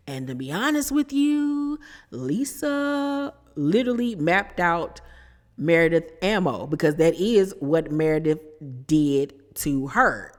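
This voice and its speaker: A woman's voice: fairly low pitch, sing-song, a little slow, a little mellow, long reverb tail. A woman hosting a reality TV recap, telling the drama in a sassy, gossipy way and calling her listeners honey and child. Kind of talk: casual recap commentary.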